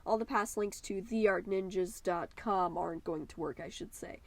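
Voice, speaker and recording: Speaking at medium pitch and normal speed, with no room sound, the host of a YouTube art channel gives an upbeat, easygoing voice-over. She wanders along with frequent ums and slips into a joking put-on accent.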